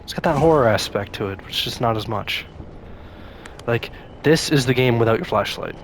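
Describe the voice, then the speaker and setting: A man's voice: mid-range voice, lively intonation, normal speed, a little hiss or hum. A man casually commenting on his own gameplay, rambling and talking to himself, with sudden scared outbursts. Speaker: gaming YouTuber. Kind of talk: casual let's-play commentary.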